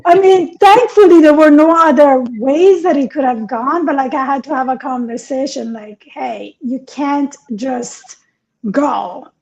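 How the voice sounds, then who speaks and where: High-pitched, laughing European woman. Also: moderate pace, hardly any pauses, rough recording. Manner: laughs often, chatty and animated. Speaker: podcast co-host. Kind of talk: casual chat.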